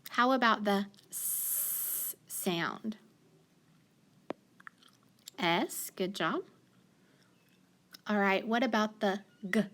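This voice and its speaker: In a phonics lesson for little ones, a woman teacher with a medium, slightly bright voice slowly and patiently sounds out letters, praising the learners frequently.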